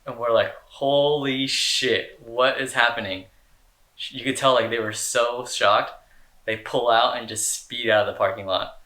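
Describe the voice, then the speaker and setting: A man's voice: medium pitch, steady tone, normal speed, pushed and bright, roomy sound. A young man answering fan questions in a casual, rambling chat, full of slang and fillers. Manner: laid-back, rambling, slangy with lots of "dude" and "like".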